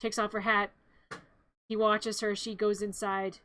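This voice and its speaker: A woman's voice: medium pitch, level tone, unhurried, bright, forceful tone. A woman streamer narrating a movie in a playful, rambling, chatty way with little quips.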